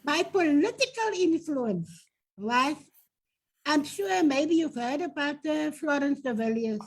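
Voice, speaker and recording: Speaking slowly in a voice that sits high, this older woman with a South African accent recalls her past as an interview guest. She heads a domestic workers' union and tells her stories earnestly and with animation, though the audio quality is poor.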